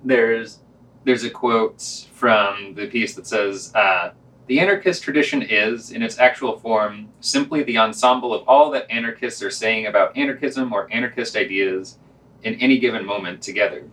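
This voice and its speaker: A man co-hosting a podcast, reading short reviews and asking questions in a measured, plain way. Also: lowish voice, a bit bright. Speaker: podcast co-host. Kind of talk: podcast reviews and casual discussion.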